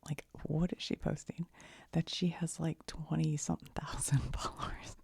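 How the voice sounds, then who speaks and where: A woman chatting in soft-spoken ASMR style, rambling and giggly as she drifts between quiet speech and whispers. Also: deep voice, flat delivery, normal speed, creaky, slightly rough. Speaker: ASMR creator.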